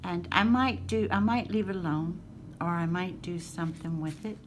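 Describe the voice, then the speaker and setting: A woman's voice: fairly low pitch, moderate pace, a little hiss or hum. An older woman hosting a craft channel, showing her finds in a gushing, sweet way with little laughs. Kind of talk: casual show-and-tell chat.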